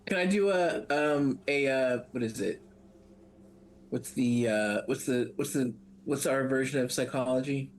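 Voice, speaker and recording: A man playing a tabletop game who talks haltingly and often searches for his words. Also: mid-range voice, a little hiss or hum. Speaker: player.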